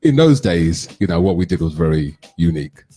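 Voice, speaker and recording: A middle-aged man hosting a radio chat, telling lively anecdotes and acting out what people said. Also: low-pitched, brisk, husky. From London. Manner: animated anecdote telling, acts out quotes. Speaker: radio show host. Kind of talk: casual storytelling chat.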